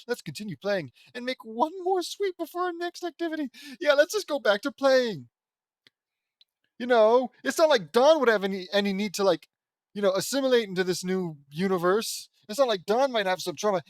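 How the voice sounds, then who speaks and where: A man's voice: high voice, expressive, normal speed, dry recording. Sarcastic, exasperated man reading fan fiction. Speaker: audiobook reader. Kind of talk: fan fiction read aloud with sarcastic asides.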